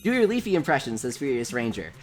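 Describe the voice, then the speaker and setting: A woman from the United States hosts a laid-back gaming livestream, chatting warmly and reading viewer messages aloud. Her voice sits low for a woman. Faint game music plays quietly behind her. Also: sing-song, quick pace. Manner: chatty, reads chat aloud, gushes over pets. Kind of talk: casual livestream chat reading viewer comments.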